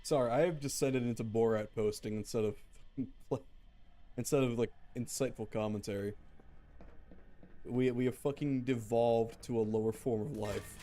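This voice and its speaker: A young man talks through his game in a dry, joking way. His voice sits at an ordinary middle pitch, and he slips into mock-grand commands now and then. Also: steady tone, normal speed, warm tone. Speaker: streamer. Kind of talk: casual gameplay commentary.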